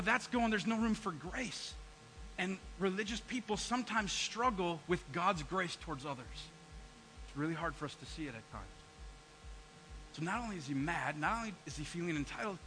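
Animated high-voiced man preaching. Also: rough recording. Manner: animated, voices people's complaints to God, asks the congregation questions. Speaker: pastor. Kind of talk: sermon. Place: church.

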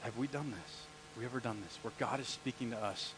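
A man's voice: mid-range voice, quick pace, background noise. A male pastor preaching a conversational sermon in a church and asking the congregation questions as he goes.

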